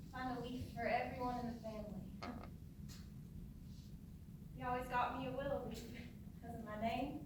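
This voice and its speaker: A woman's voice: sits high, recorded from a distance, natural voice. A woman playing an eerie mother who is sweetly cheerful one moment and coldly morbid the next. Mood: fond. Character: eerie doting mother of grown children, dwells on a dead son. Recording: echoey room, mic from afar, noisy.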